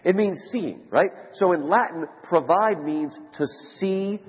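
A man giving a conference lecture to a live audience, telling stories in an animated way. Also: a little slow, slightly rough. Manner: animated storyteller, rising to high excited shouts. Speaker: conference speaker. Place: large conference hall. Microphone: handheld mic. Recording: lo-fi hall recording with long reverb.

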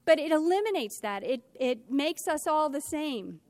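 Woman, middle-aged, high voice, dry close sound, lecturing, stresses words slowly. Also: animated, dry recording. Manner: slows to stress words, then speeds through asides. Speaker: teacher trainer. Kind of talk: lecture to a class.

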